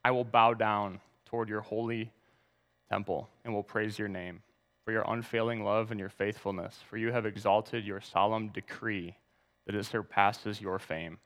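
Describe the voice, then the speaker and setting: A man's voice: fairly low pitch, steady tone, normal speed, fairly bright tone, in a large hall. A man preaching a sermon, reading scripture aloud and asking the congregation to turn to verses. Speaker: pastor.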